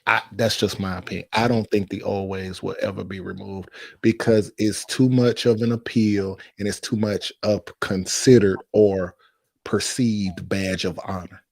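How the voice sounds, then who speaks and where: A man's voice: fairly low pitch, fairly even intonation, measured pace, gravelly, darkish tone, no echo. A man giving his frank opinion in a casual group conversation. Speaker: fraternity brother in a panel talk. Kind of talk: casual chat.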